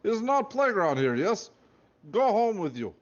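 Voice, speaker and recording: Guy doing a loud jolly russian guard, broken english, pitched way up, muffled recording. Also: very animated, a little slow. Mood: boisterous. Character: fat sweaty male Russian guard, jolly and odd.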